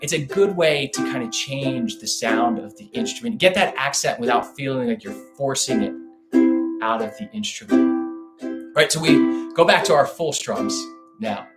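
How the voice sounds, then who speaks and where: A man leads a ukulele lesson in a relaxed, chatty way, sometimes scatting drum and bass rhythms aloud to show the feel. His voice sits in a mid range, and loud ukulele strumming plays behind him. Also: normal speed, echoey room, loud music behind the voice. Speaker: ukulele teacher. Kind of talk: live online music lesson. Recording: ukulele playing loudly behind the voice. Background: ukulele playing.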